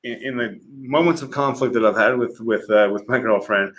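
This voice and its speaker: A man's voice: mid-range voice, normal speed, fairly bright tone. A middle-aged man, a podcast guest, telling candid and profane personal stories in a casual conversation, laughing often. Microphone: livestream podcast mic.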